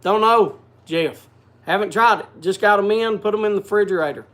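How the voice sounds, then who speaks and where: Speaking briskly in a high-pitched, somewhat bright voice, a livestream host keeps things casual. He chats away and welcomes viewers by name.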